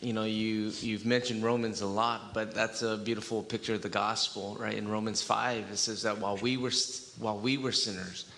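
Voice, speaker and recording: Man, church interviewer, low voice, bright tone, earnest, cites scripture. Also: flat delivery, a little fast, hardly any pauses.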